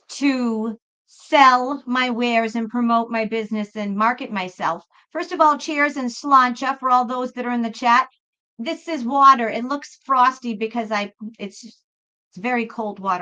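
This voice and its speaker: A woman's voice: a little high, pushed and bright, rough recording. A woman who reads tarot, hosting a live stream and chatting in a rambling way, often breaking off and starting her sentences again. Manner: rambling, chatty, self-interrupting. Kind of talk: casual live-stream chat.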